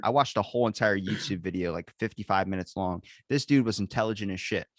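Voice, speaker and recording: A man telling a long story in casual conversation, acting out every person he quotes and swearing freely. His voice sits on the lower side, and the recording is close and dry, with no room sound. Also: fast talker, no room sound. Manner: animated storyteller, acts out quotes, swears often. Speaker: podcast guest. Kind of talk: casual chat.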